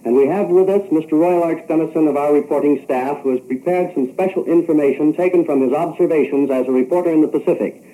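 A man's voice: fairly high pitch, fast talker, few pauses, warm tone, slight background noise, rough recording. A man formally introducing a correspondent from a 1940s radio newsroom. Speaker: newsroom announcer.

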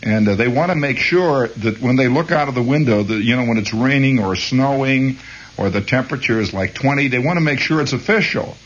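A man's voice: medium pitch, brisk, slightly rough, lo-fi sound. A man rambling hesitantly as host of a late-night radio monologue. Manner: meandering, hesitant, chuckling.

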